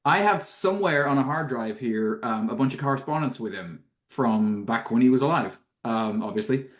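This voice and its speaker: A man's voice: medium pitch, expressive, moderate pace. A man co-hosting a podcast, talking about films in an amused, enthusiastic way. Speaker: podcast co-host and film writer. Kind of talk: casual chat.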